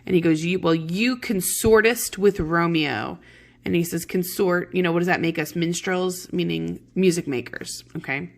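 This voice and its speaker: A teacher with a lowish voice and vocal fry reads a play to her class at a moderate pace. Between lines she chats, explaining them in simple modern words and filling the casual lesson with "okays" and other fillers.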